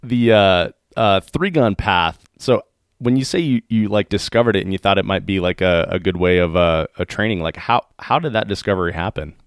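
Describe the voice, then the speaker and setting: A man hosting a podcast interview, congested after losing his voice, talking in a friendly, halting way with many fillers. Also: deep voice, clear, resonant tone, dry recording, clean studio sound. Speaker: podcast host. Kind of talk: casual interview talk.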